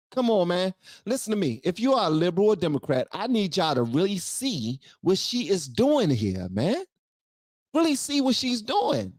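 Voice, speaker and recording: A man from Southeast Washington, D.C. talks straight to his viewers in an emphatic, animated way. His pitch rises and falls widely. The sound is dry and close. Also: moderate pace, no echo. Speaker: YouTube commentator reacting to a clip. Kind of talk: casual reaction commentary.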